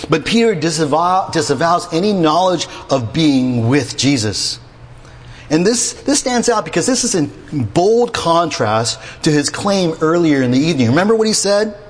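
A male preacher delivering a sermon, voice sitting a little high for a man. He gets animated and acts out the lines he retells. His voice rings through a hall with a long trailing reverb. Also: moderate pace. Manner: animated, acts out quotes with rising pitch.

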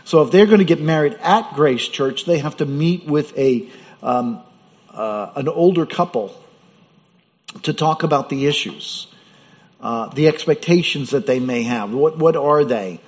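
Higher-voiced pastor in an echoey hall. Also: male voice, a little slow. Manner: conversational preaching with rhetorical questions. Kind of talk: sermon. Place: church. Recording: dull sound with hall reverb.

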